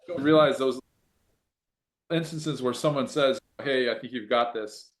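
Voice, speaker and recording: A man's voice: mid-range voice, unhurried. A man co-hosting a sports podcast, reflecting aloud on the guest's story. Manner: reflective, thinking out loud. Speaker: podcast co-host. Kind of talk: conversational commentary.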